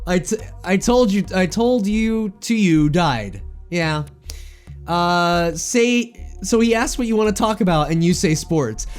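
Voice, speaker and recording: Giggly woman streamer, lively voice. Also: on the low side, unhurried, soft background music. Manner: chatty and giggly, swears lightly. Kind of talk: casual game commentary.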